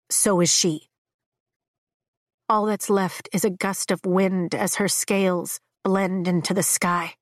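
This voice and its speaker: Slow, dry-voiced woman narrating a fantasy novel. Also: medium pitch, no echo. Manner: measured, emotive reading. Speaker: audiobook narrator. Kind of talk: scripted first-person narration.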